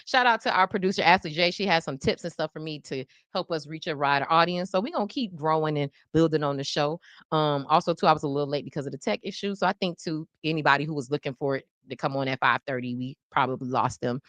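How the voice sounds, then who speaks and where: Bright-voiced woman podcast host. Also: low voice, fast talker, no room sound. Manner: animated, slangy, laughs often. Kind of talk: casual live-stream podcast chat.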